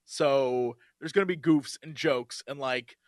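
A man co-hosting a podcast, chatting casually in an animated, jokey way. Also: mid-range voice, measured pace, no room sound. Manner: animated, jokey, slips into silly put-on voices. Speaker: podcast co-host.

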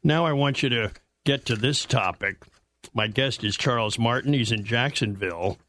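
A man's voice: mid-range voice, moderate pace, a bit bright, dry recording. A man hosting a radio interview, asking brief, direct questions. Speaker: radio host.

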